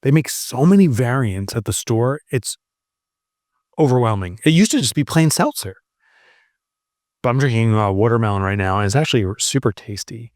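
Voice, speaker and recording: A middle-aged man from New Jersey co-hosting a podcast, chatting casually and telling animated stories. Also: mid-range voice, moderate pace, dry recording, studio quality. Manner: animated storyteller, mimics other people's voices. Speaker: podcast co-host. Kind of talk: casual chat.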